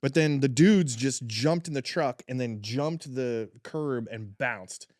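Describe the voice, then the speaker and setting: A man's voice: mid-range voice, slow, dry recording, clean studio sound. A man, a tattoo artist, telling a wild story in casual chat, swearing freely and full of fillers. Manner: animated, profane, lots of fillers.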